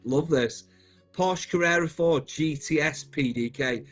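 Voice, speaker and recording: A man's voice: fairly high pitch, a little slow, a bit bright, soft background music. A man, hosting a live stream, chatty and upbeat, calling viewers "mate". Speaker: host.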